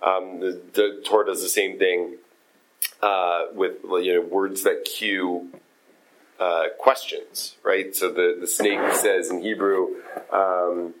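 A man leading a text study group, explaining in a halting way with many fillers and restarts. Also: sits low, level tone, a little hiss or hum, low-quality recording. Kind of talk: casual text study discussion.

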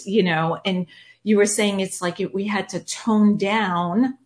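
A woman hosting a podcast interview, chatty and animated, laughing often and pausing to search for words. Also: mid-range voice. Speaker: podcast host.

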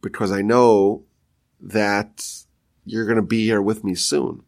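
A man's voice: on the low side, fairly even intonation, slow, vocal fry, darkish tone, pitched below the performer's own voice. A man voicing an old father speaking from the afterlife, explaining earnestly.

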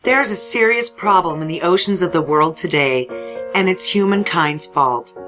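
A woman co-hosting a comedy podcast, reading a mock ad in a dry, deadpan way. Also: lowish voice, normal speed, over music. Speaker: podcast co-host. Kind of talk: mock ad voice-over and podcast banter.

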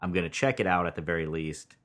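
A man co-hosting a casual podcast, chatty and profane, pausing with many ums as he talks. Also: low-pitched, a bit bright. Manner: laughs often, profane, chatty with hesitations. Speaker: podcast co-host. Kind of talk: casual movie review chat.

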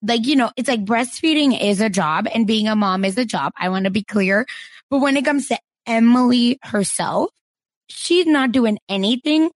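Woman cohost, kinda high voice, dry close mic, sassy and opinionated. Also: expressive, normal speed, no room sound. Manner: opinionated, emphatic, sassy asides. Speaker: podcast co-host. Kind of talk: casual recap chat.

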